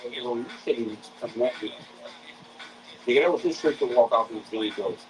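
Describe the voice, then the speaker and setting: A man's voice: mid-range voice, fairly quick, a little hiss or hum, rough recording. A man streaming live craps and rambling in profane, restart-heavy casual chat. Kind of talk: casual chat while gambling.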